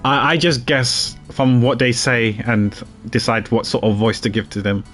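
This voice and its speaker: A man's voice: mid-range voice, fairly even intonation, normal speed, a bit bright, soft background music. A man streaming a game, talking casually in a rambling way with stammers and restarts.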